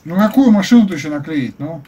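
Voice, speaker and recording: Man, husky mellow voice, fast mutter, let's-play commentary, game music faint behind. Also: fairly high pitch, animated, dull audio. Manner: muttering, puzzled, swearing. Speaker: game streamer.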